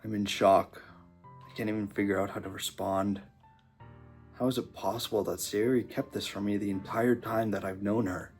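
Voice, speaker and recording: A man playing through a visual novel, quietly reading the hero's lines aloud and breaking off into emotional reactions. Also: on the low side, steady tone, normal speed, soft background music. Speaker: gaming YouTuber. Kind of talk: let's-play reading and reacting.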